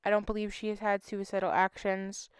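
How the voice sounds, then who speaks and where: A woman with a very smooth, clear voice makes a heartfelt appeal to her viewers. She hosts a missing-persons channel and speaks with emotion and urgency. The sound is dry and close, with no room around her. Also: mid-range voice, completely flat delivery, brisk, no room sound.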